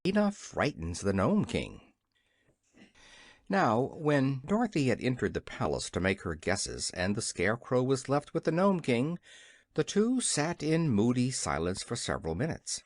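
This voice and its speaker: Audiobook narrator, very animated pitch, dry close sound, scripted storybook reading. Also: moderate pace, no room sound.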